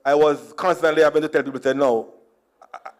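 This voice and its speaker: A man's voice: a little high, fairly quick. A man with a Jamaican accent giving a humorous speech at a conference, switching between Creole and standard English. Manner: mixes Jamaican Creole with standard English, playful, acts out dialogue. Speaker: conference speaker. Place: conference hall.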